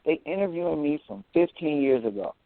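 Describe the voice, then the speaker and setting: A man talking as an interview guest, boastful and animated, who often repeats words as he goes. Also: a little high, brisk, no echo. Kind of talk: casual interview talk. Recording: tinny phone-like audio.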